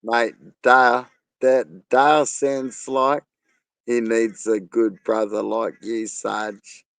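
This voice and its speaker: A man's voice: mid-range voice, little pitch movement, slow pace, gravelly, fairly bright tone, smooth, no room sound. Profane man, podcast co-host, dry close sound. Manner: blunt, profane, ranting. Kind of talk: casual chat.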